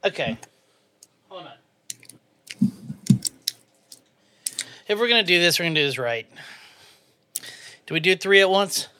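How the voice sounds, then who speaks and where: Profane joking podcast host. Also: male voice, high-pitched, expressive, slow pace, long pauses, sharp tone, smooth, no room sound. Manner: profane, joking, laughs often. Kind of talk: casual podcast banter.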